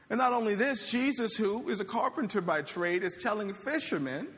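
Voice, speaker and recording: A man's voice: high voice, a little slow, long pauses, fairly bright tone. A man preaching a sermon as pastor in a conversational way, with joking asides. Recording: reverberant hall.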